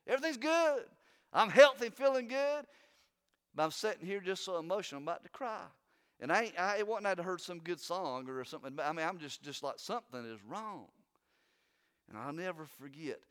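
Man, preacher, sermon, smooth resonant voice, emphatic, loud then hushed. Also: on the high side, lively intonation, a little fast. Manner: emphatic, swings between loud urging and hushed earnest talk.

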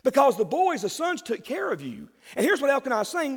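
A male pastor, preaching a sermon with emphatic delivery and dramatic pauses. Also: very high voice, sing-song, big-room sound.

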